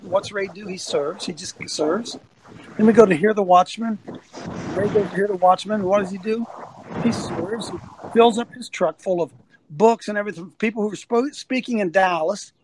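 Talking into a phone for a livestreamed sermon, the man everyone calls Coach spins a folksy tale and animatedly urges people to serve. He has a high-pitched voice, and the poor audio carries some hiss or hum.

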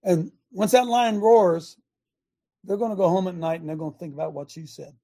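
Fervent preaching man, high and dark-toned. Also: normal speed. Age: older. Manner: fervent, emphatic, swings between loud and quiet. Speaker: show host, former football coach. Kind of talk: impassioned preaching rant.

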